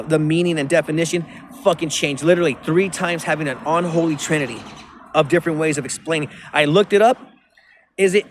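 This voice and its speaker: A man's voice: fairly high pitch, slight background noise. A man rambling profanely into his phone outdoors by a river, with many restarts. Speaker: vlogger.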